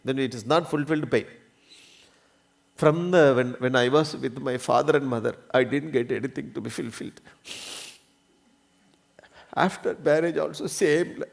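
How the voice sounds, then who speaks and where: In a religious discourse, a man with a brisk, gravelly, mid-range voice teaches spiritual lessons. He often checks that listeners are following and coughs now and then.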